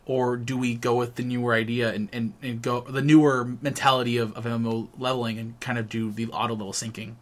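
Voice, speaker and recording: A man's voice: medium pitch, flat delivery, fast, hardly any pauses. A man co-hosting a casual gaming podcast. He rambles and restarts his sentences often. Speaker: podcast co-host.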